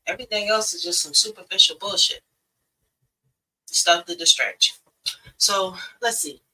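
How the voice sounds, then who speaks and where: A woman's voice: fairly low pitch, moderate pace, sharp tone, distant mic, poor audio. A woman giving blunt, preachy relationship advice in a casual live stream, talking straight to women viewers.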